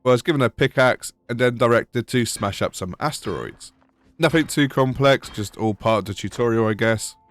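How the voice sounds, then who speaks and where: A British man narrating a gaming video voice-over with wry, sarcastic humour. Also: lowish voice. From United Kingdom. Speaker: gaming YouTuber.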